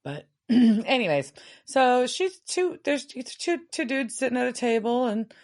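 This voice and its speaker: A woman's voice: on the high side, measured pace. A young adult woman, a podcast co-host, recapping a TV episode in casual chat with wry asides. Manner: animated storyteller, wry asides.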